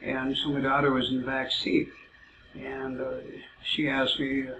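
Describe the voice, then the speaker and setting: Man, casual storyteller, halting and rambling, gravelly flat delivery, muffled noisy roomy recording. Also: mid-range voice. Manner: rambling, many "uh" fillers, halting. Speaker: self-described psychic telling stories.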